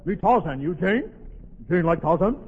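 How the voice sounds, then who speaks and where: A man's voice: high-pitched, expressive, moderate pace. A man voicing a grunting jungle ape-man who talks in broken caveman speech, in a 1940s radio comedy sketch, on a dull, hissy old broadcast with hall echo. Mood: boastful.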